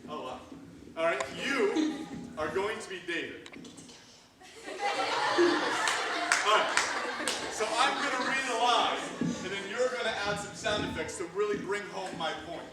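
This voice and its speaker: A man's voice: high voice, lively intonation, a little slow, long pauses. A man hosting a youth ministry sound effect skit, talking in a playful, teasing, sarcastic way to a live audience. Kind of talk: live comedic audience game. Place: large hall with live audience. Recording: echoey hall from far off, audience noise.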